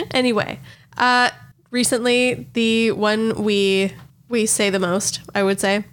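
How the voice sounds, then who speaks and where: A woman co-hosting a podcast in casual chat, chatty and quick to laugh. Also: on the high side, level tone, clear, resonant tone. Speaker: podcast co-host.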